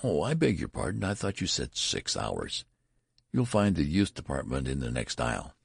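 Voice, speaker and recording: A man voicing a fussy, curious shop clerk with a brisk, polite manner. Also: rumbling low, very animated, creaky, breathy edge, no room sound, clean studio sound, exaggerated voice.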